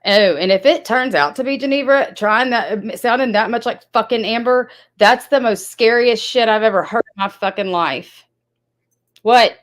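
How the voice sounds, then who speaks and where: A woman's voice: fairly high pitch, normal speed. A woman hosting a livestream, talking bluntly and accusingly to her chat with plenty of swearing. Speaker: livestream host. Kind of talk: heated livestream talk to chat.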